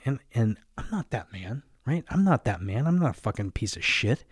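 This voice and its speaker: A man's voice: mid-range voice, very animated, moderate pace, hardly any pauses, slightly rough, dry recording, clean studio sound. A young man telling his own story in a candid, confessional way, swearing often and tagging lines with "right?". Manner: candid, profane, fillers of "right?" and "like". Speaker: podcast host.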